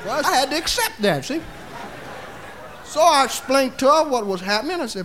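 A male comedian tells bawdy stand-up stories in a drawl, tacking "see?" onto his lines. His very high voice is animated and a bit bright, at a moderate pace. The live comedy record carries audience laughter and noise.

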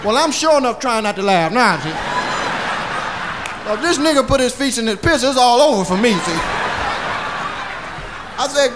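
A man's voice: very high-pitched, expressive, moderate pace, pauses often. A man doing stand-up storytelling in a bawdy, drawling way, tagging lines with "see?". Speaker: comedian. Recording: live comedy record with audience laughter and noise.

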